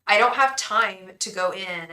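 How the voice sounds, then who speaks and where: A woman's voice: mid-range voice, a little slow, pushed and bright, poor audio. A woman tarot reader chatting casually on a livestream, rambling and talking straight to her viewers.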